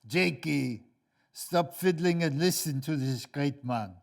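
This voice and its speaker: Man putting on a nagging old grandmother with a Central European accent, pitched up and slow. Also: creaky. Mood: scolding. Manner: insistent, scolding, broken English. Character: tiny pushy old immigrant grandmother.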